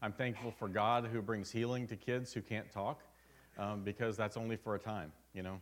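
A man's voice: lowish voice, level tone, moderate pace. A man preaching a sermon at a church service, telling a personal story in an earnest, conversational way. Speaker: pastor.

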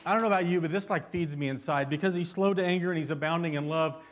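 A man's voice: fairly high pitch, quick pace, crowd noise, noisy background. A man preaching a sermon as pastor, fervent and constantly asking his congregation questions.

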